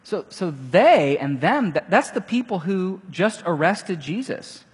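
A man preaching in a big hall with long reverb trailing his words. His voice is slightly high and a little husky, and it swings widely in pitch as he acts out the quotes. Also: measured pace. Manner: animated, acting out quotes with casual asides. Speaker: pastor. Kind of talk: sermon.

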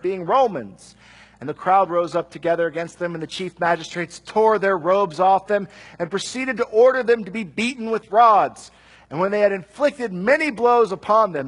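Husky high-voiced man preaching. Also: poor audio. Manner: conversational, animated asides with quick jokes. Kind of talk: sermon reading and explaining scripture.

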